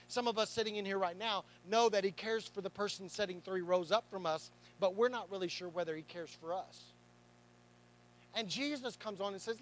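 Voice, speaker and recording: A man's voice: very high voice, bright, forceful tone, low-quality recording. A male pastor preaching to a congregation in church, pressing hard with repeated rhetorical questions and slipping in playful asides. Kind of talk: sermon. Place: church service before a congregation.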